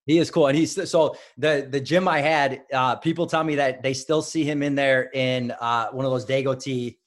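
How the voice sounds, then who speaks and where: A man's voice: medium pitch, steady tone, moderate pace. A man in his thirties from Illinois, a former wrestler, telling stories as a guest in a casual interview, with many fillers and restarts. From Highland Park, Illinois.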